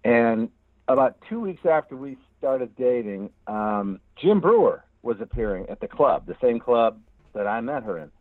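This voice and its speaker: A man's voice: medium pitch, big pitch swings, measured pace, no room sound. A man, a comedian calling in as a guest, chatting casually with a wry, joking, laid-back manner over a remote line. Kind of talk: casual call-in chat. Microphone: phone or remote call. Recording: dull, dry lo-fi call audio.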